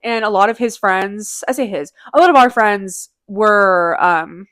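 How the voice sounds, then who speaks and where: A woman's voice: medium pitch, unhurried, fairly bright tone, no echo, studio quality. A woman co-hosting a casual podcast, chatty and profane, with teasing asides to listeners. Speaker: podcast co-host. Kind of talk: casual chat.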